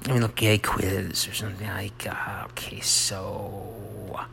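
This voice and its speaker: Low gravelly middle-aged man rambling. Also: flat delivery, slight background noise. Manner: halting, self-mocking, drops into soft whispered asides. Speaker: monologue host. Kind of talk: rambling personal monologue.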